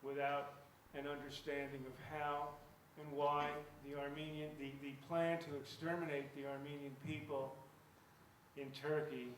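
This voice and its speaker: A man's voice: on the high side, level tone, normal speed, a little hiss or hum. A man giving a public lecture as an author, speaking earnestly and emphatically and often repeating words as he restarts his sentences. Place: lecture hall. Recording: echoey hall picked up from a distance.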